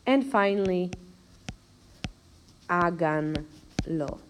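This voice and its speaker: A woman's voice: fairly low pitch, animated, a little hiss or hum. A woman teacher giving a recorded video lecture, explaining step by step and counting out syllables with care. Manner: slow, careful explanation, spelling out syllables. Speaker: language teacher.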